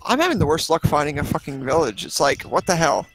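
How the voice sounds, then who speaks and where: A young man with an animated, fairly high voice talks his way through the game and swears freely. He narrates every setback as it happens. Clear background noise sits under his voice. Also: fast. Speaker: co-player. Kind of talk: casual gaming chat. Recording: noisy recording.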